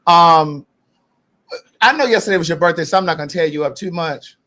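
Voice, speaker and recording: A woman's voice: on the low side, brisk, a bit bright. A woman hosting a casual podcast chat, talking bluntly and emphatically with plenty of profanity. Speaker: podcast host.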